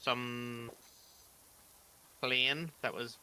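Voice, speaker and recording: A man chatting casually, slow and hesitant with many fillers. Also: medium pitch, fairly even intonation, pushed and bright, clean tone. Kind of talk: casual chat.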